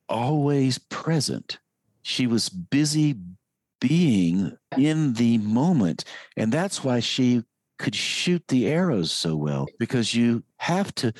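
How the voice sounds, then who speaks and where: A man in a conversation, telling stories in a slow, musing way with many restarts. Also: mid-range voice, darkish tone, no echo, studio quality. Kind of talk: casual storytelling conversation.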